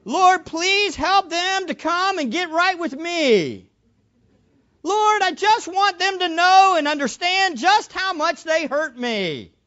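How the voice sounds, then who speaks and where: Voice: very high voice, lively intonation, slow, bright, forceful tone, pitched above the performer's own voice, heavily acted. A preacher putting on the voice of a hurt churchgoer praying a self-pitying prayer, in a dull lo-fi recording.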